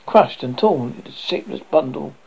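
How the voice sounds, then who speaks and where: Gravelly man reading a ghost story. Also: fairly high pitch, lively intonation, fairly quick, rough recording. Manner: stumbling, restarting reading with dramatic swings in loudness. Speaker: horror host narrator.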